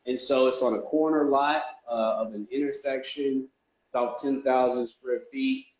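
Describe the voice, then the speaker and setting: A man's voice: medium pitch, steady tone, normal speed. A man, a real estate investor, talking casually to his viewers in a loose, rambling way with lots of restarts. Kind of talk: casual vlog talk to viewers. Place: indoors, a warm room. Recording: echoey room, dull lo-fi sound.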